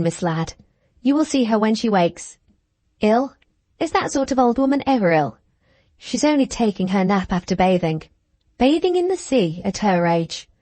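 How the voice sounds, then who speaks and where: A woman's voice: medium pitch, darkish tone, no room sound, natural voice. A woman reading the part of a spiteful, gushing young woman with a scornful, mocking manner, in an audiobook.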